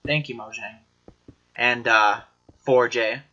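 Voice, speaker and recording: A man hosting casual gameplay commentary, talking in an excitable, giggly and foul-mouthed way. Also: mid-range voice, slow pace, muffled recording. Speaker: gaming channel host.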